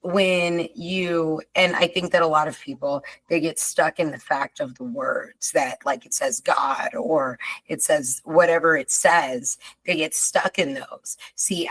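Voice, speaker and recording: Woman podcast host, lowish voice, emphatic, chatty delivery with loose asides. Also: poor audio. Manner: emphatic and expressive, drawn-out asides. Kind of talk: casual chat.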